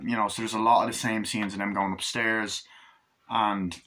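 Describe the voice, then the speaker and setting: A young man giving a casual spoken film review, rambling and acting out scenes in quick impressions. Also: lowish voice, level tone, pushed and bright. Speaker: movie reviewer.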